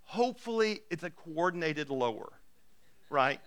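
A man pastor preaching a sermon, telling the story conversationally and dropping to a soft hush at tender moments. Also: fairly high pitch, unhurried. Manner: conversational, animated storytelling with soft hushed passages.

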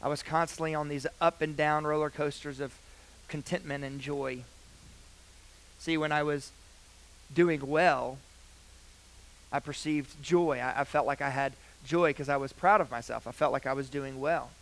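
A young man preaching a sermon, earnest, with loud emphatic phrases that drop to quiet, hushed lines. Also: a little high, fairly even intonation, normal speed, poor audio.

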